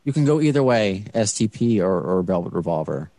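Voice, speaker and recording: A man's voice: sits low, sing-song, a little fast, warm tone, no echo. A man hosting a podcast interview, talking casually and rambling with many restarts and fillers. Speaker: podcast host.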